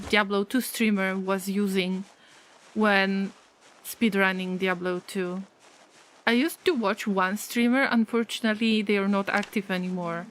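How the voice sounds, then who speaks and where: A woman's voice: mid-range voice, fairly bright tone, slight background noise. A woman streaming a survival game in casual chat, reacting aloud, laughing often and mooing at the cows. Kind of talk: casual live-stream commentary.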